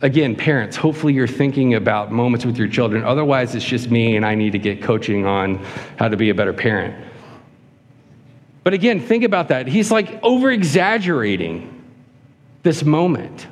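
A man preaching a sermon to a congregation, acting out whiny voices with a raised pitch. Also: lively intonation, moderate pace. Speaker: pastor. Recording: long hall reverb.

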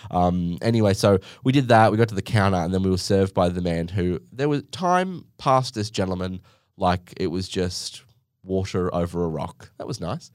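In a loose, funny monologue, this male podcast host tells stories that wander into asides and jokes at his own expense. He speaks at a moderate pace in a low voice with a darkish tone, recorded in studio quality without echo.

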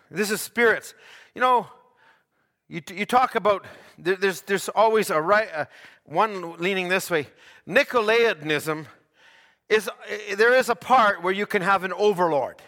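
A male pastor preaches with fervor, his voice pitched high and bright. He stumbles into quick repeats, then surges to shouts. The sound carries a long hall reverb, as if recorded in a church sanctuary. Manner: fervent preaching, stammering repeats, climbs to shouts. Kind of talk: sermon.

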